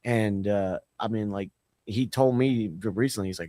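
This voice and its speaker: A man's voice: fairly low pitch, normal speed, dark tone, no echo, studio quality. A man co-hosting a podcast, telling a rambling story with loose restarts and casual swearing. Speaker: podcast co-host.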